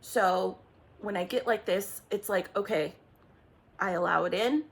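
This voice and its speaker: A woman speaking as a psychic medium at home, talking in an intense, halting way with angry bursts and many restarts. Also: mid-range voice. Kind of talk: emotional spoken monologue.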